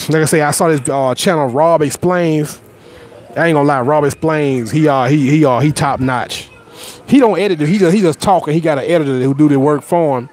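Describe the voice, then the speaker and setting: A man's voice: on the high side, slight background noise. A man with a Southern accent hosting a casual livestream, greeting viewers by name, rambling and boastful with frequent repeated words and restarts. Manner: blunt and boastful. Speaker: livestream host. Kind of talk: casual live chat with viewers.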